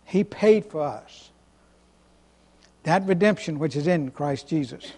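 A man's voice: fairly high pitch, lively intonation, takes it slowly, warm tone, slightly rough, big-room sound. A man preaching a sermon as pastor, stressing single words, repeating himself and asking the congregation to answer back. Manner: emphatic, repeats words, asks the congregation questions.

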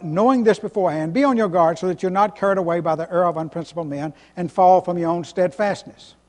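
A man's voice: high-pitched, darkish tone, in a large hall. A man preaching a sermon as pastor, stressing single words, repeating himself and asking the congregation to answer back. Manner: emphatic, repeats words, asks the congregation questions.

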